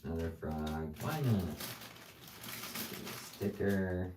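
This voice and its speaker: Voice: low-pitched, lively intonation, slow pace, noisy background. A live-streamer chatting casually while finishing crafts, rambling and answering viewer comments as they come in. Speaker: livestream crafter.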